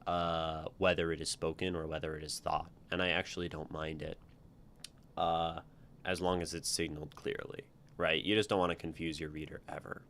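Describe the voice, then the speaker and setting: A man's voice: a bass voice, level tone, moderate pace, a bit bright, a little hiss or hum. A man hosting a livestream, reading viewers' writing aloud and critiquing it in a rambling way full of ums and restarts.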